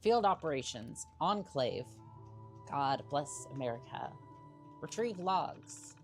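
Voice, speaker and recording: A woman streamer chatting to her viewers in a jokey, relaxed way as she plays through a game. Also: deep voice, slow pace, faint music behind. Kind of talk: casual gameplay commentary.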